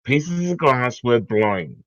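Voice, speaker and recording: A man who has been drinking, arguing in an online debate, halting with fillers and swearing when flustered. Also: medium pitch, big pitch swings, no room sound, muffled recording. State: tipsy from drinking.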